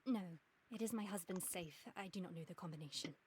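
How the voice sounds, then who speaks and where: A woman's voice: lowish voice, fairly quick, a little hiss or hum, close to an everyday voice. An actress playing a weary, unhappy noblewoman in a video game, speaking in a resigned, bitter way.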